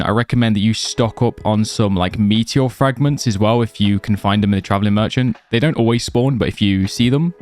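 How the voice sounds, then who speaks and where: A young man talks through a game guide in a relaxed, rambling way, leaning on fillers like "like" and "you know." His voice sits on the lower side and sounds slightly worn, as if he is losing it. Soft game music plays faintly underneath. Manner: chatty, loose, many fillers like "like" and "you know". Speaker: gaming video creator. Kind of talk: casual gameplay guide commentary.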